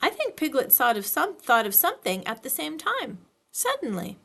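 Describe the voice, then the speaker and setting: A woman reading a storybook aloud and voicing a simple, gentle male teddy bear in a mild, musing way. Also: sits high, huge pitch swings, normal speed, vocal fry, breathy edge, voice pushed up, exaggerated voice.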